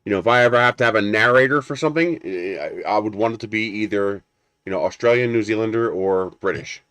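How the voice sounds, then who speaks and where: A man's voice: fairly low pitch, fast, a bit bright, clean tone, dry recording. A man hosting a live stream, chatting casually and rambling as he unboxes a printer and answers viewers. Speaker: 3D printing livestream host.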